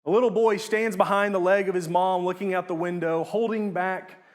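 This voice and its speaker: A young man preaching a sermon in an earnest manner, rising to emphatic peaks and dropping low on key words. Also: fairly even intonation, moderate pace.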